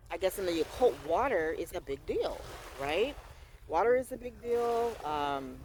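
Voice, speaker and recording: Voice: medium pitch, slight background noise. Rambling, emphatic faith vlogger by the water. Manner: rambling, emphatic, with frequent fillers and restarts. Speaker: vlogger sharing faith experiences. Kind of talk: casual faith talk vlog. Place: outdoors by the water. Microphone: handheld phone.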